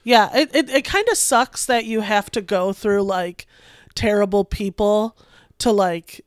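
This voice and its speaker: A woman's voice: mid-range voice, measured pace, clean tone, no room sound, clean studio sound. A woman in casual conversation, supportive and responding with short agreements and comments. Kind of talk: casual chat.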